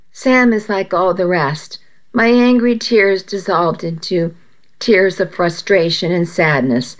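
A woman narrating a first-person story aloud in a steady, measured way. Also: fairly low pitch.

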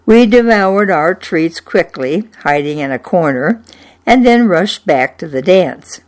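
An older woman tells a story from her own childhood, her voice sitting a little low. She takes her time over every sentence, with a dry, wistful humor. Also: expressive, a little slow. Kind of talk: personal memoir storytelling.

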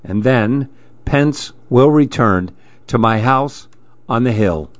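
A man's voice: medium pitch, takes it slowly, dry recording, lo-fi sound, natural voice. A man voicing Billy McGill, a fussy reclusive boy. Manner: fussy, exclaiming. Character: grumpy reclusive boy who wants to be alone.

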